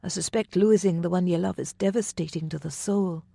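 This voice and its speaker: An audiobook narrator voicing a courageous young female noblewoman, in a soft, breathy manner, recorded dry. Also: mid-range voice, a little fast, dry recording. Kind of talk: audiobook dialogue.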